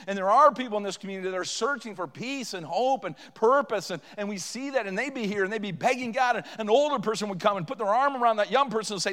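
Man, revival preacher, high voice, impassioned, long church reverb. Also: fast talker, few pauses, sharp tone. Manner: impassioned, acts out pleading prayers with rising volume. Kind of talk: revival sermon. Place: church sanctuary.

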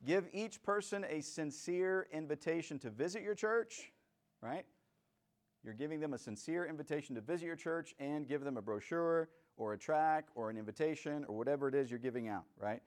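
A man's voice: on the high side, moderate pace. A man teaching church door-to-door outreach in a casual, conversational way, often checking in with "right?".

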